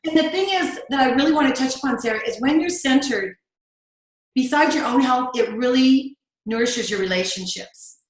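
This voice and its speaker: A woman's voice: sits high, normal speed. A middle-aged woman talking as an interview guest, chatty and confiding, often saying "you know". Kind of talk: casual interview chat. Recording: very echoey room.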